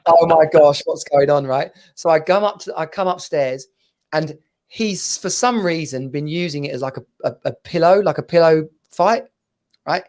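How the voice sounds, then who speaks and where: A man in his thirties co-hosting a casual chat show, telling stories in an animated way and laughing often. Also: a little high, moderate pace. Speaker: podcast co-host.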